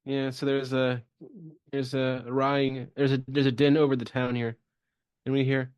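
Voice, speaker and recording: A man recaps a show as a podcast co-host, dropping dry, deadpan jokes. His voice is mid-pitched. He is recorded close with no room sound. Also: unhurried, clean tone, no room sound. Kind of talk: casual chapter recap chat.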